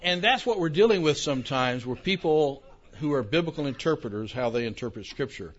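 An older man lecturing on theology in a relaxed, conversational way, tossing questions to the room. His voice sits a little high for a man. The recording is dull and lo-fi. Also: a little fast. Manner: conversational, asks the audience questions, self-deprecating asides. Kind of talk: lecture to a live audience.

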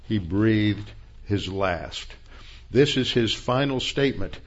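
A man's voice: mid-range voice, muffled recording. A man preaching an expository sermon, working methodically through Bible verses and the Greek and Hebrew terms behind them. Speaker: pastor.

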